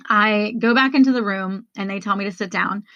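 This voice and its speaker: A woman's voice: medium pitch, a little fast, fairly bright tone, dry recording, highs cut off. A woman hosting a podcast, telling a personal story in a candid, conversational way and speaking straight to her listeners. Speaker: podcast host.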